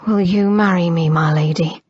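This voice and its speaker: A woman voicing a tender, insistent male nobleman in whispered role-play, with a low, hushed murmur, on a slightly muffled recording. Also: steady tone, moderate pace, slightly rough.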